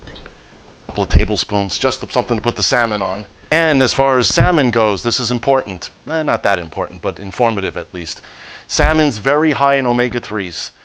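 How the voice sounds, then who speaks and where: A man's voice: medium pitch, a little fast. Easygoing man hosting a cooking show. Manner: relaxed, jokey, cracks puns. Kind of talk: home cooking demonstration.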